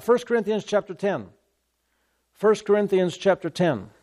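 A man delivers a lively sermon, repeating his verse references again and again. His voice sits a little high for a man, and he jumps between reading scripture and teasing the congregation. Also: moderate pace. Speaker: pastor.

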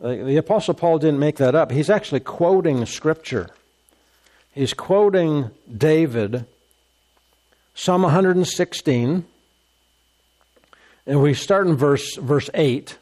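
Male pastor, fairly high voice, emphatic sermon delivery with repeated phrases. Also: animated, slow, pauses often, darkish tone. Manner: emphatic, repeats phrases, reads scripture aloud.

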